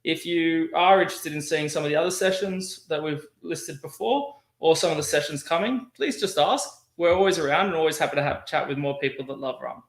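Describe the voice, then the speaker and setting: A man's voice: fairly high pitch, fairly quick, few pauses, echoey room. A man hosting a rum tasting over a video call, chatty and friendly, with many restarts. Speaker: host.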